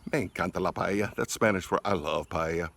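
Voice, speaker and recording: A middle-aged man with a fairly low voice talks his viewers through a recipe. His delivery is folksy and rambling, and he keeps tossing in a quick "all right?". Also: creaky, a bit bright. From Louisiana, USA. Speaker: cooking channel host. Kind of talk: casual cooking video talk.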